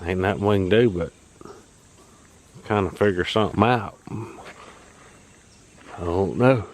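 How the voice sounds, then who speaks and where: Driving rural roads in his truck, a deep-voiced farmer vlogger chats casually to camera at an unhurried pace. He talks about his farm work in a folksy, plain-spoken way as engine and car noise run underneath.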